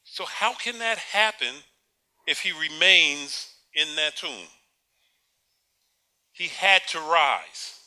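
High, sharp-voiced male preacher. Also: animated, slow pace, pauses often. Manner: rhetorical questions, repeats words, chuckles at own points. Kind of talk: sermon.

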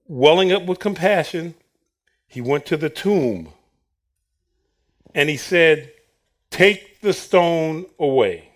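A man preaching a sermon, acting out the Bible characters' words with bursts of laughter. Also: high-pitched. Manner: animated, acts out Bible quotes with laughter.

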